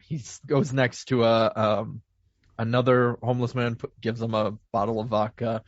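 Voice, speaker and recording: A man's voice: medium pitch, flat delivery, moderate pace, dry recording, highs cut off. A man co-hosting a podcast, rambling through a film plot with self-corrections. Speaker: podcast co-host. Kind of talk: casual plot recap.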